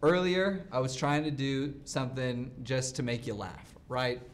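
A man's voice: medium pitch, measured pace. Mock-suave bachelor man. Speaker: dating game contestant. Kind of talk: casual banter on a live stream.

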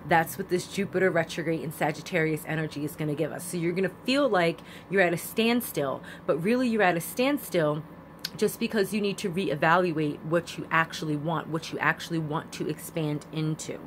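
Chatty low-voiced woman astrologer. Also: a little fast, a little hiss or hum. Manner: chatty, repetitive, emphatic. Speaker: astrology vlogger. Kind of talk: casual spiritual monologue.

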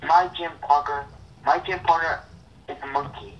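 A young man co-hosting a casual chat, speaking haltingly with repeated words and blunt opinions. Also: on the high side, fairly even intonation, distant mic, highs cut off, slight background noise. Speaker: co-host.

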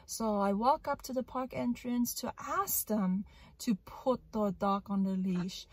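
A young woman, a parrot vlogger, recounts a frightening incident in a park in a casual vlog, sounding shaken and emotional with loud outbursts. Her medium-pitched voice is unhurried, and there's no room sound.

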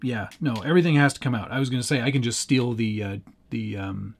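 A man's voice: mid-range voice, fast. A man hosting a casual live stream, rambling and chuckling as he answers chat while working with his hands at a desk. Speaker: livestream host.

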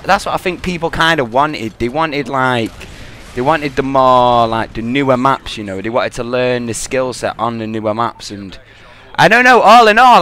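A young man giving excitable, boastful, rambling off-the-cuff commentary over his gameplay. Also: mid-range voice. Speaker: gaming commentator.

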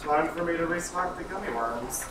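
A man's voice: on the high side, moderate pace, lightly acted. A man playing a sarcastic, campy shop worker on a smoke break, in a staged reading of a TV script. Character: sardonic man who smokes on his break. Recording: very echoey room, mic far, noisy.

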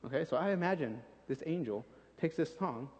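High-voiced male preacher in a reverberant church. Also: fairly quick. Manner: animated, acts out scenes, repeats phrases for emphasis. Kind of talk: sermon. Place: church sanctuary. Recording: dull recording with long church reverb.

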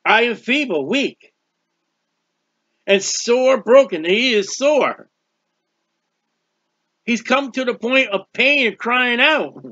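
A man's voice: very high-pitched, slow, pauses often, no room sound, muffled recording. A man preaching a sermon, reading scripture aloud and explaining it, drawing out words for emphasis. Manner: expressive Bible reading with commentary, stretches words.

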